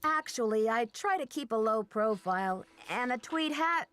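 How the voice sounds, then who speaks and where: A woman's voice: on the high side, expressive, moderate pace, fairly bright tone. An actress voicing a polite, earnest young woman detective in a video game.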